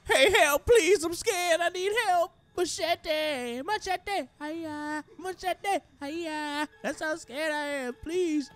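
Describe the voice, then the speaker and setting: A man voicing a panicky young man who begs and boasts in a high, whiny voice. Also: moderate pace, no room sound. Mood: pleading. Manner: begging, boastful, comic.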